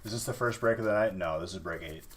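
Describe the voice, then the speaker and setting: A man's voice: low-pitched, quick pace, fairly bright tone, slight background noise. A man casually chatting on a live stream while opening card packs, teasing and thanking viewers.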